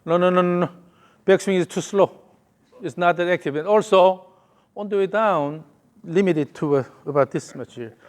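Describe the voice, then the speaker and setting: A man's voice: sits high, normal speed. A male golf coach giving a hands-on lesson, calling short repeated cues and humming the count and rhythm.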